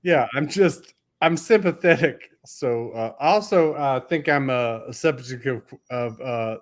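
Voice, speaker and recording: A man's voice: mid-range voice, measured pace. Joking man chatting on a livestream. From Texas. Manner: joking, rambling. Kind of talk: casual chat. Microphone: livestream mic.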